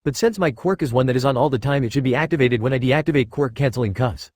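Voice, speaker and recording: A man reading the lines of a blunt, profane young swordsman hero in a flat, quick storybook voice. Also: mid-range voice, no room sound, studio quality, lightly acted.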